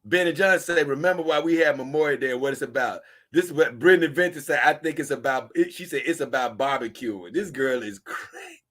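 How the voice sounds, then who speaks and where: A man's voice: medium pitch, fairly quick, hardly any pauses, fairly bright tone. A man, hosting a casual show, rambling and chuckling as he reads posts aloud to his viewers. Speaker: host.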